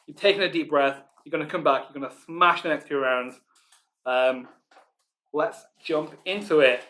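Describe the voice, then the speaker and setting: Bright, chatty Northern English man. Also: a little high. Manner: chatty and informal, many ums, reads questions slowly and repeats them. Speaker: quiz host. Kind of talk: live online pub quiz hosting.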